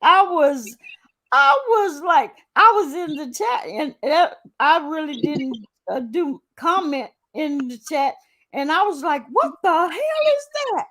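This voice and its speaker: A woman host in a casual gossip chat, excitable, stammering and swearing freely. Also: high-pitched, slow. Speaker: channel host.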